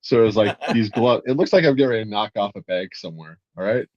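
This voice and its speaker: A low-voiced man tells a funny story among friends, swearing and laughing as he talks. The sound is dry and slightly muffled. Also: fast, darkish tone, no room sound. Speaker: podcast co-host. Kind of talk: casual storytelling chat.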